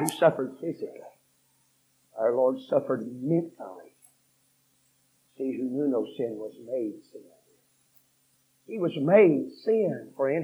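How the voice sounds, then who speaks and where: A man preaching a fiery revival sermon, telling a story that builds from low, quick talk to shouted repetition. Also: husky. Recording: dull lo-fi sermon recording.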